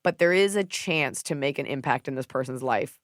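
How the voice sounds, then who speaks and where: A woman hosting a casual advice podcast, her voice sitting low. She jokes in a sarcastic, deadpan way. The sound is dry and close. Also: a little fast, no room sound. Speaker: podcast host. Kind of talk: casual comedic advice chat.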